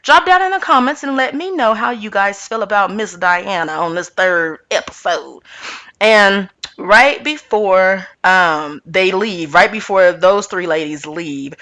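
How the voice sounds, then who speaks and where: A woman chatting through a reality TV recap in a sassy, animated way, talking straight to her viewers. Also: mid-range voice, unhurried.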